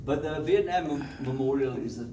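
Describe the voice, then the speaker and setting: A man giving a lively, joking talk to a running club audience as a guest speaker. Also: medium pitch, normal speed. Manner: animated, joking storyteller. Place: club meeting room. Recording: roomy hall, mic far off, room noise.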